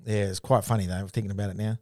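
Aussie bloke yarning away, straight-talking, lots of restarts, dry sound. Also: male voice, lowish voice, racing, no echo. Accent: Australian. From Australia. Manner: plain-spoken, animated storyteller with many restarts. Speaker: guest, former Aboriginal education worker. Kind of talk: casual storytelling chat.

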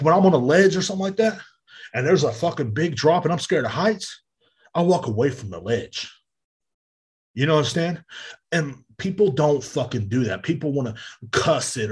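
A man's voice: medium pitch, breathy edge. A man, hosting a podcast in a heated, profane solo rant. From Texas. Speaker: podcast host. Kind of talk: casual monologue.

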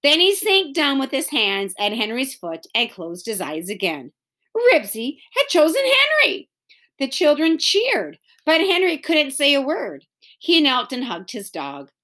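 A woman reads a children's chapter book aloud with expressive storytelling. Her voice is bright and fairly high, and her pitch rises and falls a great deal. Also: measured pace. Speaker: reader.

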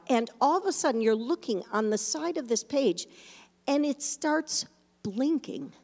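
A woman pastor telling a story in a sermon, animated at times and hushed and reflective at others. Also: on the high side, unhurried, long reverb tail.

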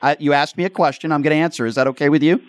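A man's voice: fairly high pitch, steady tone, racing, no room sound. A man hosting a call-in radio talk show, combative and talking over his callers.

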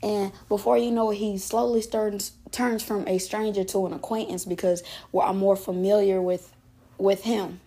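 A woman's voice: mid-range voice, little pitch movement, normal speed, warm tone. A woman in her twenties hosting a podcast, telling a story in a loose, profane, casual monologue. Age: 20s. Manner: loose, profane, laughs often. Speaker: podcast host.

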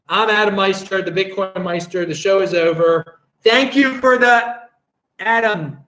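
Pitched high and sounding pushed and bright, this man takes his time as he talks. The echoey room and poor audio come through while he hosts a casual livestream, reading comments, rambling, chuckling, and interrupting himself mid-thought.

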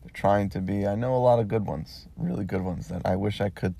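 A man's voice: fairly low pitch, brisk, vocal fry, dark tone. An American man hosting a podcast, talking in a loose, rambling monologue, often repeating himself and swearing when he gets worked up. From United States. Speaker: podcast host.

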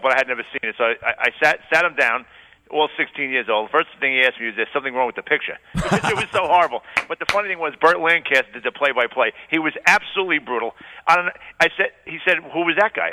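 A middle-aged man calling in to a radio show, telling stories in an animated way. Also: fairly high pitch, fast, low-quality recording. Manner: animated storyteller. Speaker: caller.

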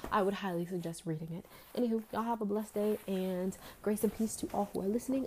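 A woman's voice: medium pitch, fairly quick, hardly any pauses, a little mellow, a little hiss or hum. A woman vlogger and teacher chatting to viewers in a put-on British accent, rambling with lots of fillers. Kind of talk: casual chat to viewers.

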